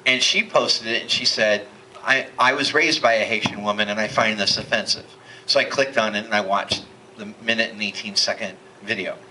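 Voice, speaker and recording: A man's voice: lowish voice, normal speed, bright, forceful tone, slight background noise, rough recording. A man preaching a sermon in a church, impassioned and building to emphatic peaks. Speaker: pastor. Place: church hall.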